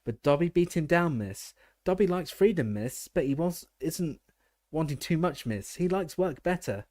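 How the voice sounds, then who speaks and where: A man voicing an excitable male house elf who squeaks and calls himself by name in a storybook reading. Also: moderate pace, no room sound, clean studio sound, close to an everyday voice. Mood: eager. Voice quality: squeaky, shrill. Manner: speaks of himself in third person, keeps saying sir.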